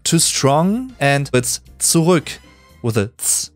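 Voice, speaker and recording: A German-accented man explains language points with a lively, swooping pitch, slowing down to dwell on key sounds. His voice is close and dry, with faint music underneath. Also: dry recording. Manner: animated, explanatory, slows to stress sounds.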